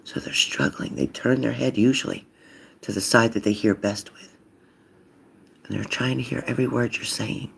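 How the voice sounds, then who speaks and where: A man giving a casual card reading, acting out loud quotes and dropping into whispers. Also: mid-range voice, normal speed, creaky, pauses often, slight background noise. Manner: animated, acts out loud and whispered voices. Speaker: psychic card reader.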